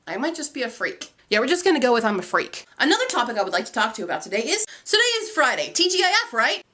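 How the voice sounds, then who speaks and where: A young woman chatting quickly and playfully in a casual vlog, poking fun at herself as she talks about teaching in Japan. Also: sits high, sharp tone. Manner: quick, playful and self-mocking. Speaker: assistant language teacher in Japan.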